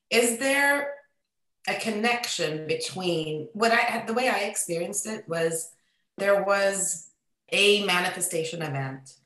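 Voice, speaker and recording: A woman asking questions in a casual chat, halting and searching for words. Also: lowish voice, a bit bright, reverberant, rough recording. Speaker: podcast co-host asking questions.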